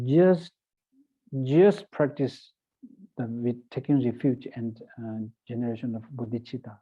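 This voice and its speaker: A Tibetan-accented man teaches Buddhist practice in a halting way, full of fillers and restarts, and reads verses slowly. His mid-range voice comes through a thin, phone-like recording. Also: medium pitch. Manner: slow, deliberate recitation of verses. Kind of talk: dharma teaching and slow recitation. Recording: tinny phone-like audio.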